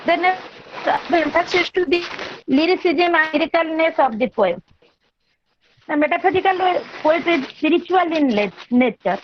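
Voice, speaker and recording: A high-pitched woman delivers an online lecture in a measured, explanatory way, circling back over key terms. The audio is dull and lo-fi, like a video call, with a faint hiss underneath.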